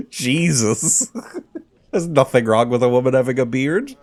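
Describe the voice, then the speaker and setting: A man chatting casually through a game playthrough, giggly and playful. His voice swings widely in pitch and stays at a mid register. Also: expressive, unhurried. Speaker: gaming video host. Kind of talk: casual let's-play commentary.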